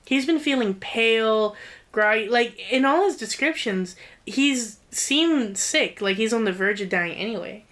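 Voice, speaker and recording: A woman co-hosting a casual book-discussion podcast, recapping the story in a rapid, profane, animated way. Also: on the high side. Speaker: podcast co-host.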